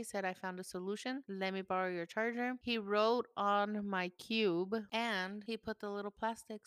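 Animated, cursing mom telling a story. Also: female voice, mid-range voice, clean tone, dry recording. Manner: animated, swears freely, switches between English and Spanish. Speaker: podcast host. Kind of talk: casual storytelling.

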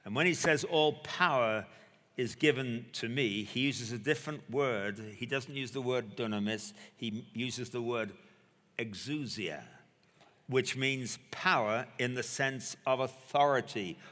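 A male preacher delivering a sermon, telling a story with dramatic pauses and emphasis. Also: mid-range voice, a bit bright. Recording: echoey hall.

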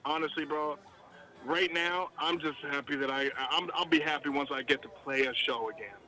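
A man telling stories as a country singer guest in a casual podcast chat, excitable and slangy with lots of restarts. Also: fairly high pitch, moderate pace, low-quality recording.

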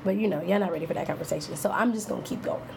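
A woman's voice: lowish voice, racing, gravelly, a little mellow, slight background noise. A woman in her thirties giving a casual motivational talk on self-reflection, candid and playful, laughing often and acting out what people say. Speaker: self-help speaker.

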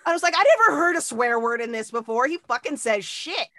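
A young adult woman co-hosting a casual movie podcast, telling stories in an animated, profane, exasperated way. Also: fairly high pitch, fairly quick, dry recording, clean studio sound. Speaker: podcast co-host.

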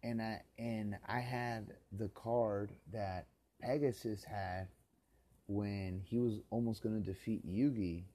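A man's voice: on the low side, steady tone, slow, warm tone. A man from the Los Angeles area in a rambling solo podcast monologue, talking bitterly and with constant swearing, often rising into angry rants.

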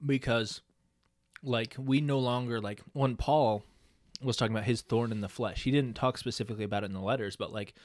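A man's voice: medium pitch, steady tone, brisk, no echo, studio quality. A man hosting a casual podcast, joking and laughing often between earnest talk. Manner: laughs often, jokey bursts of shouting. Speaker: podcast host.

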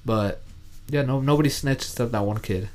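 A young man co-hosting a podcast in casual chat, chiming in with quick remarks that egg on the storyteller. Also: medium pitch, a little mellow. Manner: quick interjections, eggs on the storyteller. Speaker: podcast co-host.

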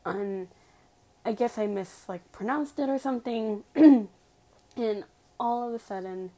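A woman's voice: fairly high pitch, a little slow, dark tone, low-quality recording. A woman telling a personal story to her viewers in a casual, emphatic way, full of "like" fillers and direct appeals.

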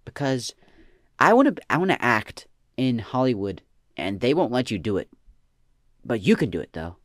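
A young man hosting a comedy podcast, answering listener questions in a deadpan slacker drawl that trails off with "man" and "bro". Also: mid-range voice, moderate pace, dry recording, clean studio sound.

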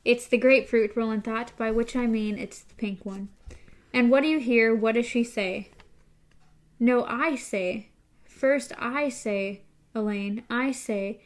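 A woman's voice: fairly high pitch, unhurried. A woman host casually recapping a book and reading passages aloud. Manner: recaps chattily with fillers.

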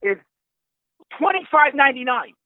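A man telling an exasperated, animated story in casual chat, swearing and acting out what people said, heard over a phone line. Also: very high voice, normal speed, background noise.

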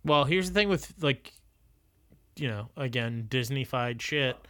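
A man's voice: medium pitch, lively intonation, unhurried, a bit bright. A man hosting a casual podcast chat, talking sarcastically and dismissively, with lots of filler words. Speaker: podcast host.

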